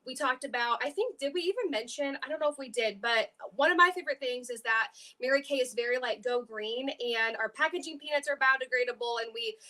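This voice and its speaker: A woman's voice: high-pitched, brisk, few pauses, sharp tone. A woman chatting casually on a live stream, rambling with many fillers. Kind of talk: casual chat.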